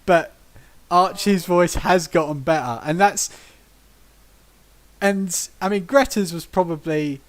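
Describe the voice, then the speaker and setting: A man's voice: sits high, takes it slowly, long pauses. A man from Britain hosting a casual podcast, telling tabletop game stories with acted-out quotes and frequent laughter. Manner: animated storyteller who acts out quotes and laughs often. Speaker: podcast host.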